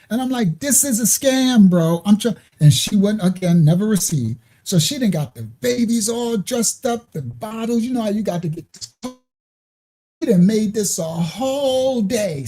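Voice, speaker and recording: A man's voice: high-pitched, darkish tone. A man hosting a ministry livestream who teaches casually, answers viewer comments, tells loose stories and laughs often. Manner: laughs often, loose storytelling, frequent "right?". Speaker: ministry host.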